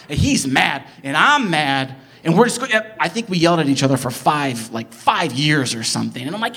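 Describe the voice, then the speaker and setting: A young man from the Midwest telling a personal story in an animated, excitable way, jumping from loud bursts to hushed asides and filling it with "like". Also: fairly high pitch, a little fast. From American Midwest. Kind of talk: personal story told live.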